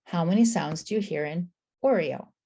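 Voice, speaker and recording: Low gravelly-voiced woman teaching reading. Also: mellow. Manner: sounds out words slowly, segmenting phonemes; encouraging, affirms with "I agree" and "excellent". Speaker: reading tutor. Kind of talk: instructional explanation.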